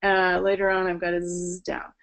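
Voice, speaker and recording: A woman's voice: lowish voice, monotone, normal speed, fairly bright tone, clean tone, rough recording. A woman voice teacher explaining singing technique in an online presentation, speaking through a video call. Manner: explanatory, with sung and spoken demonstrations.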